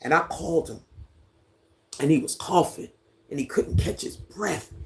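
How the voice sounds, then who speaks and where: A livestream host who has lived on a Caribbean island for ten years, chatting casually with viewers at home and reading out their comments in an unhurried way. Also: medium pitch, gravelly. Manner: relaxed, unhurried, greets and reads out viewer comments. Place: at home, indoors, near a fan.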